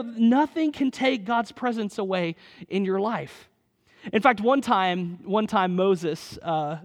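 A man with a high voice preaches a sermon. He is earnest and builds to emphatic bursts as he reads scripture aloud. Long reverb from a big hall trails every phrase. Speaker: pastor.

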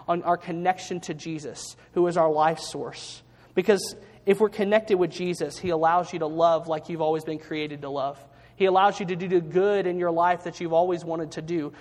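A man preaching a sermon as pastor, earnest, often restarting and slowing down for emphasis. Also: high voice, a little mellow, long reverb tail.

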